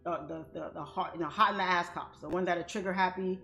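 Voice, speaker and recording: A woman hosting a livestream, telling a story to her viewers in a blunt, animated way and swearing freely. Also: fairly low pitch, fast talker, vocal fry, faint music behind. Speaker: livestream trading host.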